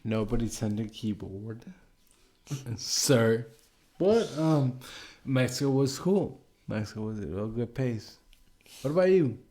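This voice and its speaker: Chicago guy on a podcast, slow but super animated, hamming it up. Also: medium pitch. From Chicago, Midwest US. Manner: playful, theatrical, swings loud and soft. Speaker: podcast co-host. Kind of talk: casual podcast banter.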